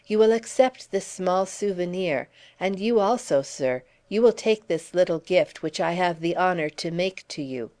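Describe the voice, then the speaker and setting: A woman's voice: lowish voice, expressive, normal speed, hardly any pauses, mellow, lightly acted. A woman reading as a theatrical young Frenchman, grand and mocking in manner, in an audiobook.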